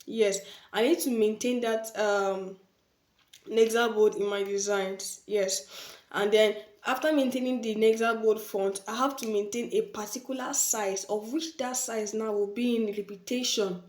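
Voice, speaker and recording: A woman's voice: medium pitch, fairly even intonation, unhurried, a little mellow. A woman teaching design basics in an informal spoken tutorial, often repeating her key points and affirming them with "yes". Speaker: design instructor. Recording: echoey room.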